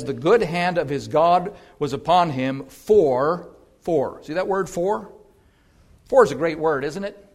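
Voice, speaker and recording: A pastor preaching a sermon, stressing single words, asking rhetorical questions and slowing down to read scripture aloud. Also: male voice, mid-range voice.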